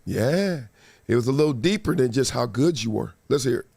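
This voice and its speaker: A man's voice: mid-range voice, lively intonation, brisk, gravelly, darkish tone, breathy edge. A middle-aged man hosting a live sports talk stream, telling stories with emphatic delivery and acted-out quotes. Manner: storytelling, acts out quoted voices, emphatic. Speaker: host.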